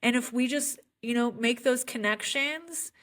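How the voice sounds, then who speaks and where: A woman's voice: on the high side, measured pace, a bit bright. A young adult woman, a special education teacher, telling heartfelt stories in an earnest podcast conversation. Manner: earnest, heartfelt storytelling with frequent fillers.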